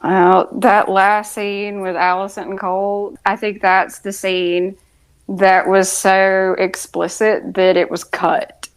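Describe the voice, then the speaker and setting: A woman's voice: mid-range voice, level tone, slow pace, smooth, low-quality recording. A woman co-hosting a casual TV review podcast, with dry, sarcastic asides. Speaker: podcast co-host.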